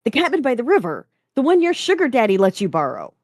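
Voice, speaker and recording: A woman's voice: on the high side, big pitch swings, normal speed, breathy edge, no room sound, studio quality, voice pushed up. A woman reading a story aloud, voicing a panicked young male incubus who insists on urgent plans.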